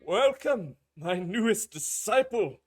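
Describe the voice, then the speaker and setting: A man voicing a grand, welcoming male temple leader who speaks in a booming, stately way. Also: expressive, takes it slowly, exaggerated voice.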